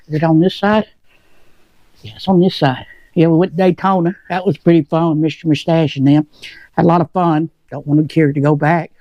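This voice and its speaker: In his home shed, a motovlog host with a slightly high voice rambles casually while eating, talking with his mouth full. The recording is dry and the highs are cut off.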